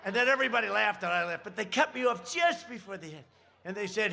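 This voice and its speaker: A man giving a campaign rally speech at a podium microphone, rambling with sarcastic asides and shouted emphasis. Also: high voice, animated, fast, gravelly.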